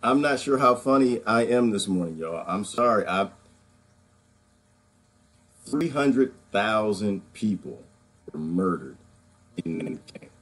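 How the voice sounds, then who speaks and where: A husky, lower-pitched man speaks on a live online stream. He talks in halting bursts and keeps restarting his sentences, close to tears as he goes. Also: animated, a bit bright. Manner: shaken, halting, many restarts and sighs. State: emotional, near tears. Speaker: online show host. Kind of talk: emotional live-stream monologue.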